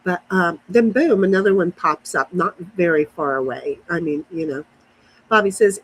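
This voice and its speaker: Out in a backyard, a woman livestreams from her phone, chatting casually and rambling as she responds to comments from her chat. Her mid-range voice is animated and moderately paced, with vocal fry and a breathy edge. The audio quality is poor.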